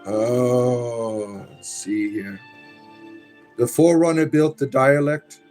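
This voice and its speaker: A man with a mid-range voice hosts a relaxed live stream, reading out comments and tossing off dry, wry asides. He drifts into low mutters between messages. Faint music plays in the background. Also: slow pace. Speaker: livestream host reading chat. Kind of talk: casual live-stream chat.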